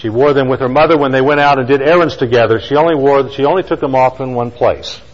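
A man preaching a sermon, telling a story with emphatic lines and slow, quiet stresses. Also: medium pitch, long reverb tail, dull audio. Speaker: pastor.

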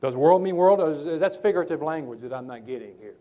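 Male preacher, high voice, emphatic scripture-reading sermon delivery, thin phone-like recording. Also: lively intonation, fast. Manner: emphatic, repeats phrases for stress. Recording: tinny phone-like sound.

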